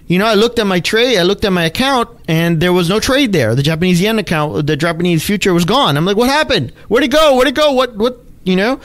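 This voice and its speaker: A man hosting a podcast, telling a personal story in an emphatic, animated way with punchy exclamations. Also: a little high, clean tone. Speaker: podcast host, trading educator. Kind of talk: storytelling monologue.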